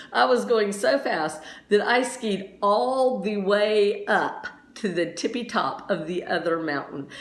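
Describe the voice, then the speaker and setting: A woman science teacher telling a lively story during a lesson, laughing often as she goes. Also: mid-range voice. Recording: roomy echo.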